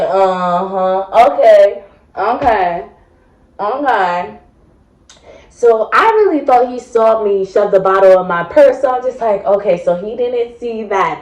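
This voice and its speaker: A woman's voice: mid-range voice, slight background noise. A woman telling a funny personal story in a casual, chatty way, swearing freely and adding asides to the listener. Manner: chatty, profane, dramatic retelling with asides. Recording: roomy echo.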